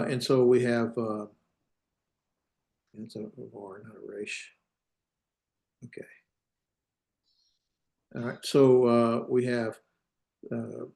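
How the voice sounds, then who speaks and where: Gravelly-voiced male Hebrew teacher. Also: mid-range voice, dark tone. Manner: thinks aloud, hesitant, self-correcting. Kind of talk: classroom lecture.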